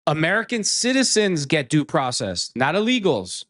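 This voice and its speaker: A man's voice: a little high, sing-song, normal speed, fairly bright tone. A man hosting a political commentary show, reacting to clips in a scornful, mocking way and swearing.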